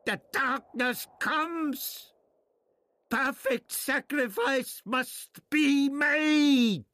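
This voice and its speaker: A man voicing a scheming high priest villain in a storybook reading, snarling and hissing his threats. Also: extremely slow, bright, forceful tone, in a large hall, exaggerated voice. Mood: frantic commands.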